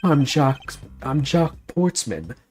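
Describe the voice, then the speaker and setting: A man voicing a smooth-talking male prosecutor from a mystery game, breezy and overly polite. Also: mid-range voice, sing-song, slow, a little mellow, voice pushed up. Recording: faint music behind.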